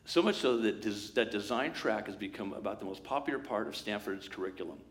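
A man's voice: lowish voice, brisk. Conversational male pastor preaching. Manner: lively, conversational, acts out quoted voices. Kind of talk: sermon.

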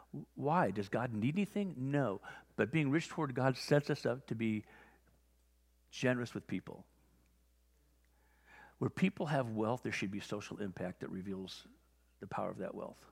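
A man preaching a sermon as pastor, telling stories and acting out both sides of conversations with lively energy. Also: medium pitch, moderate pace, creaky, pauses often, husky. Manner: animated storytelling, acting out conversations. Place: church sanctuary. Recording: long hall reverb.

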